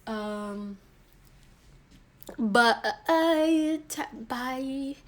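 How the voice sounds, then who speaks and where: A woman's voice: high voice, extremely slow. A young woman chatting idly to a live stream while she paints from a phone, rambling and joking at herself. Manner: rambling, self-mocking, talks to herself.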